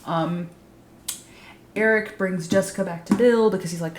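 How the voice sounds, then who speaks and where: Her voice is mid-range and steady, moving at a moderate pace through an echoey room with faint background noise. She's a YouTube host doing a casual TV recap, sarcastic and profane, with "like" popping up constantly.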